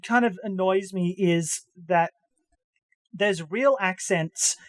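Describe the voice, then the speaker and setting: A podcast co-host chatting casually about anime dubs, halting and full of restarts, slipping into hammy accent impressions. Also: medium pitch, dry recording. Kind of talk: casual chat.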